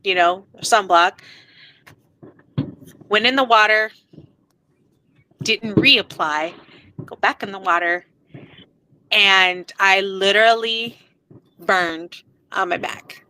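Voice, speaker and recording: Woman podcast cohost, slow easy storytelling, bright voice, laughs a lot. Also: medium pitch, a little hiss or hum, rough recording. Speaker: podcast co-host. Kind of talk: casual chat.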